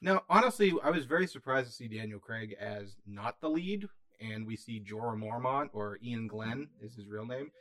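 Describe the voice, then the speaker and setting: Sarcastic man of middling pitch. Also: moderate pace, few pauses. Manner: sarcastic, deadpan wisecracks. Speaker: podcast co-host. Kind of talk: casual chat about a movie.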